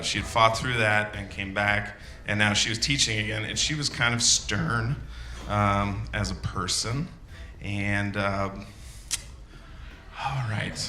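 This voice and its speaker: Comic storyteller, male, unhurried, halting delivery, roomy stage sound. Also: fairly low pitch. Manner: halting, full of fillers, acts out shouted quotes. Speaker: storytelling comedian. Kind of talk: live comedic storytelling.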